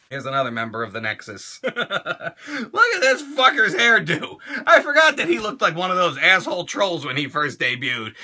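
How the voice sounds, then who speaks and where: Toy show host, middle-aged man, high and lively, loud and crude, keeps dropping into silly voices. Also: normal speed. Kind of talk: unboxing fan mail.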